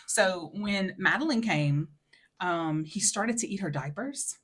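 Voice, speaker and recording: Husky-voiced woman telling a story. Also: slow pace. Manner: animated storytelling with many fillers; acts out quotes in a high, loud voice. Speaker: podcast co-host. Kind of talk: casual chat.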